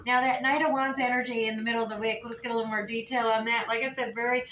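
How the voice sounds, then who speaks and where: A woman reads tarot cards in a loose, chatty way, often restarting her sentences and filling pauses. Her voice sits a bit high and comes from some distance off the mic. The room is echoey, with a faint hiss underneath. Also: level tone, fairly bright tone. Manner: chatty, with many fillers and restarts. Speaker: tarot reader. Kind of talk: casual tarot reading.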